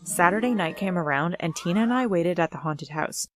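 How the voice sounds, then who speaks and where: A woman's voice: lowish voice, expressive, a little fast, soft background music. A woman telling a first-person storytime tale in a plain, earnest way.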